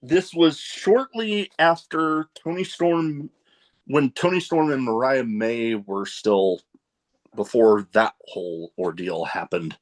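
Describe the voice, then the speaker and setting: A man hosting a casual podcast chat, telling animated stories and laughing at his own jokes. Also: medium pitch, takes it slowly. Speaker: podcast host.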